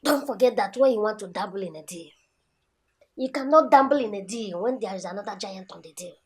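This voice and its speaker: A man's voice: high voice, expressive, brisk. An actor playing a brash young prince who argues with his father and schemes with his brother. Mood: scheming. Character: young adult royal son, brash and scheming. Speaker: prince, king's son. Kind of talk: film acting.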